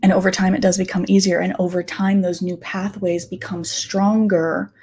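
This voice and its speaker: A woman in her thirties hosting a podcast, talking in an earnest, confiding way and slowing down to stress her points. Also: lowish voice, level tone, darkish tone. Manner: earnest, confiding, slows down for emphasis. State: close to tears at times. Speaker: podcast host. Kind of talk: reflective personal talk.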